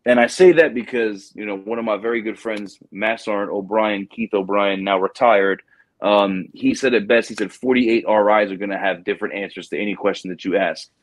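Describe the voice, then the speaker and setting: Animated storytelling man, low voice. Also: fairly quick, no echo. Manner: animated storyteller, acts out quotes, says "bro". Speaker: podcast host, Marine recruiting staff sergeant. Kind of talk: casual storytelling chat.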